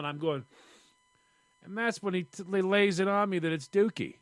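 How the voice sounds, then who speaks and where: A man's voice: high-pitched, fairly quick, no room sound. A man co-hosting a casual comedy chat, telling stories with lots of acted-out quotes. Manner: animated storyteller acting out quoted voices. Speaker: podcast co-host.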